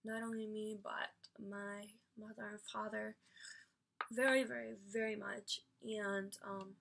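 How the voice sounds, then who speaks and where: A woman's voice: mid-range voice, level tone, measured pace, vocal fry, fairly bright tone. A woman vlogger telling a personal story in an emphatic, rambling way, full of fillers and casual swearing.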